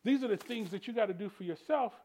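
A male pastor preaching a sermon in church, calling out to the congregation and swinging between hushed tender asides and shouted refrains. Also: sits high, quick pace. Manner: preaching with call-and-response, rising to shouts; drops to soft tender voice for quoted lines.

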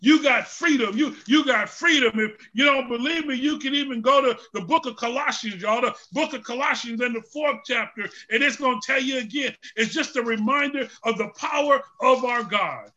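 A man preaching a sermon in call-and-response style, with the congregation answering, building from speaking to shouted, fervent preaching. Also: very high voice, lo-fi sound.

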